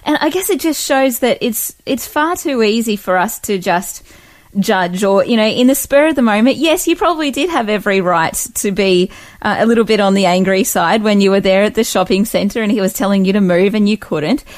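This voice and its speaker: A woman radio host speaks in a close, dry studio. She reflects on her guest's story and gently affirms it. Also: mid-range voice, a little fast, no room sound. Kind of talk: interview.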